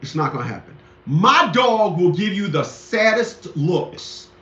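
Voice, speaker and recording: Ranting man with a high, bright voice. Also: sing-song, measured pace. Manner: rambling, repetitive, indignant. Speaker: commentator. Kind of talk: ranting monologue. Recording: echoey, dull lo-fi room sound.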